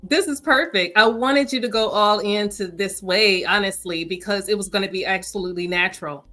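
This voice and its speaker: A woman's voice: medium pitch, fairly quick, bright, forceful tone, faint music behind. A woman host asking encouraging, rambling questions in a casual interview.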